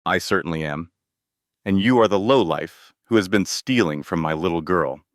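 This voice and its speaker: A man voicing an older Texan oil tycoon who speaks quietly but sternly. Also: sits low, animated, moderate pace, dry recording, clean studio sound. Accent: Texan (figure).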